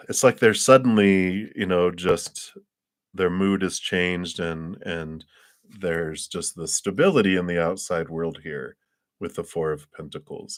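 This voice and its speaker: A deep-voiced man reads tarot cards for viewers on a live stream. He talks in a loose, chatty way and keeps musing aloud about what he feels. He laughs easily between his thoughts. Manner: chatty, laughs often, thinks aloud with "I just feel like". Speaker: tarot reader. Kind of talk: live-stream card reading.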